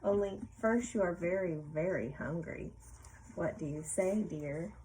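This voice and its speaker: A woman reading a picture book aloud to a child, playful, pausing to ask questions and laughing often. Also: fairly low pitch, warm tone, slight background noise, rough recording.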